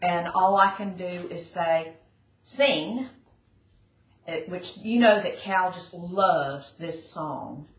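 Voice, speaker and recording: A woman's voice: fairly low pitch, slow pace. A woman rambling chattily and jokingly through a birthday message to her sister. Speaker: sister giving a birthday greeting. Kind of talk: casual video greeting. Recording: roomy, muffled home video.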